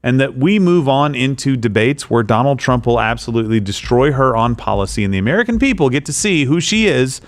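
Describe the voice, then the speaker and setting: A man with a lively, swinging pitch co-hosts a comedic political show, riffing fast. He laughs often and piles on with his partner. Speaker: co-host.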